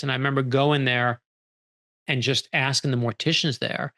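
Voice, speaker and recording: Gravelly-voiced man telling stories animatedly. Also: medium pitch, moderate pace. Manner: animated storyteller acting out quoted dialogue. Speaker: author guest. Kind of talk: storytelling interview conversation.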